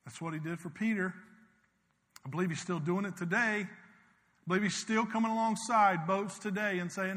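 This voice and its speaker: A man preaching a sermon as pastor. He rises to loud, urgent swells and drops to quiet, intimate passages. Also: high-pitched, steady tone, normal speed. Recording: long hall reverb.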